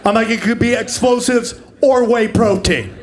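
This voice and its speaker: A man in his forties doing live stand-up comedy, brash and profane, bursting into shouted voices. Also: very high-pitched, normal speed. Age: 40s. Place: comedy stage before a laughing audience.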